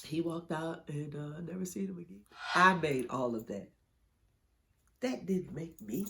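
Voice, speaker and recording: A woman's voice: deep voice, measured pace, vocal fry, a bit bright, a little hiss or hum. A middle-aged woman, telling her own story in an interview, candid and blunt, swearing freely. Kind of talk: emotional personal storytelling.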